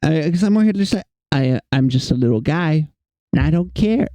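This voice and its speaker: A man's voice: a little high, animated, brisk, warm tone, no echo. A young man streaming while he draws, chatting with viewers in a rambling, self-mocking, jokey way. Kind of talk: casual livestream chat while drawing.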